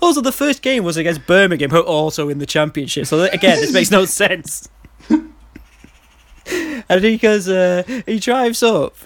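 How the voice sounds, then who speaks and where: Mancunian man, casual podcast film chat, higher pitch, dry close mic. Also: animated, brisk, a bit bright, no room sound. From Manchester. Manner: laughing, rambling, mocking.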